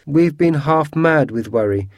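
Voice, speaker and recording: A man's voice: a little high, lively intonation, a little slow, no room sound, clean studio sound, pitched above the performer's own voice. A man voicing a cross, relieved middle-aged father, exclaiming in a storybook reading.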